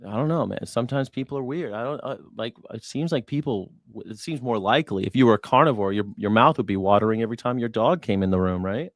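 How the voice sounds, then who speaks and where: Male stream host, sarcastic and mocking, dry close sound, mid-pitched. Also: quick pace, few pauses, no echo. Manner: sarcastic, mocking, jumps between loud and hushed. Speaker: live-stream news reaction host. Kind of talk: live-stream commentary to chat.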